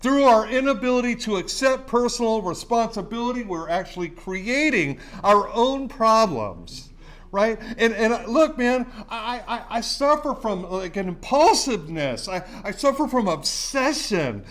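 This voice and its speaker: Middle-aged socal guy ranting his recovery story at a meeting, cussing a lot, keeps repeating himself, kinda high voice. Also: animated, measured pace, a bit bright. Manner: intense, profane, repeats himself. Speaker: alumni speaker sharing recovery story. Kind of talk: profane recovery-meeting share. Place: recovery center meeting room.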